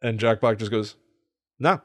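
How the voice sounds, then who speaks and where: A man's voice: medium pitch, animated, normal speed. A man hosting a podcast, casually retelling a film plot with amused laughs. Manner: amused storytelling with frequent laughs. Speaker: podcast host.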